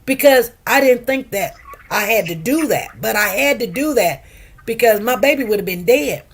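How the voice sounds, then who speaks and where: A middle-aged woman hosting a show, telling a personal story in an emphatic, animated way and acting out what others said. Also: a little high, normal speed, slightly rough. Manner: emphatic, animated retelling with acted-out quotes. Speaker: show host. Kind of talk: casual chat storytelling.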